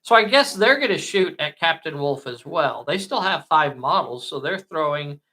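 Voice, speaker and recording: A man whose first language is not English, narrating a tabletop miniatures game with slow, dramatic play-by-play. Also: a little high, expressive, bright, forceful tone.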